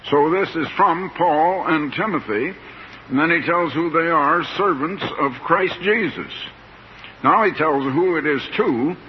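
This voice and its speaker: An older man preaching a sermon in a slow, plain-spoken, folksy way, stretching out words for emphasis. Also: fairly high pitch. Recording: dull lo-fi tape with faint hiss.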